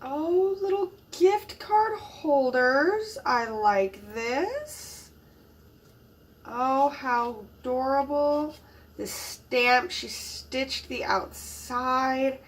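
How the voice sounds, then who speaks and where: With lively intonation and drawn-out words, a crafting channel host unboxes her items, gushing casually and softly exclaiming in admiration at each one. Her voice sits high, and the mic is distant.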